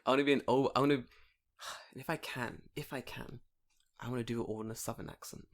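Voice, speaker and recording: Man in his twenties, casual podcast chat, gravelly, animated, laughs a lot, swears freely. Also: mid-range voice, fast. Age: 20s. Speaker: podcast co-host.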